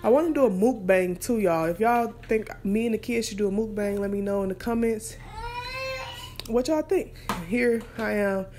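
A young woman who chats casually to her viewers while cooking at home, relaxed and full of fillers. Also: mid-range voice, moderate pace. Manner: chatty, relaxed, many fillers, speaks straight to viewers. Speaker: vlogger and mother. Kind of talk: casual cooking vlog chat. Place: home kitchen, indoors.

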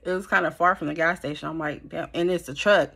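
A woman telling a storytime to her viewers, animated and blunt, swearing freely, sitting close to the camera at home. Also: on the low side, fast talker, vocal fry, slight background noise. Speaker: storytime vlogger. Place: at home in front of a ring light. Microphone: camera held close.

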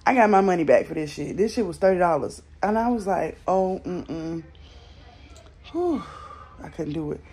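A woman's voice: on the low side, fast, few pauses, a little mellow, slight background noise. A young woman with a Southern American accent, chatting casually and bluntly to her viewers, swearing freely, recorded at home on a phone. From Southern United States. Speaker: vlogger. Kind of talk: casual vlog chat. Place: at home, in bed.

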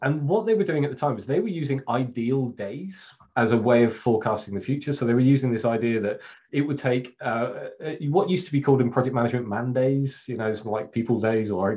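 A man's voice: medium pitch, quick pace, warm tone. A middle-aged Englishman with an English accent, a Scrum trainer giving a casual, chatty presentation with fillers and frequent laughs over a video call. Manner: chatty, self-deprecating, laughs often, many fillers. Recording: slightly dull, lo-fi webcast audio.

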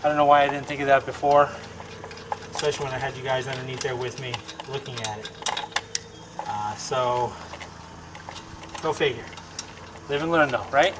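A man talks through a do-it-yourself car repair in his home garage, chatting to viewers and poking fun at himself as he works. His voice sits in an ordinary middle pitch. A faint hiss of background noise runs under the camera-mic sound, and he drifts closer to and farther from the mic as he moves around. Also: fairly even intonation, moderate pace, long pauses. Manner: chatty, self-deprecating, talks to viewers while working. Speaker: homesteading channel host. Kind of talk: casual DIY repair tutorial.

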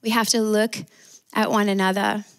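A woman's voice: mid-range voice, little pitch movement, normal speed. A woman with an Australian accent preaching a sermon as pastor, calling out for amens from the congregation. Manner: preaching with call-and-response amens.

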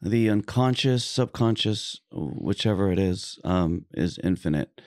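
Effusive low-voiced podcast host. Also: male voice, lively intonation, a little slow, a little mellow, no echo, clean studio sound. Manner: effusive, laid-back, swears, lots of fillers. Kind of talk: casual podcast chat.

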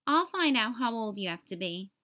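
Storybook: warm-hearted mom, read by a woman, bright lilting voice. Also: on the high side, big pitch swings, normal speed, no room sound, clean studio sound. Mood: encouraging. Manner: gentle, encouraging. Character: kind, supportive mother.

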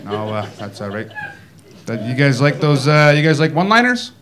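A Canadian man doing a stand-up comedy set in a club, folksy and deadpan, tagging his lines with "eh?". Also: medium pitch, normal speed. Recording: live club set with audience laughter. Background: crowd laughter.

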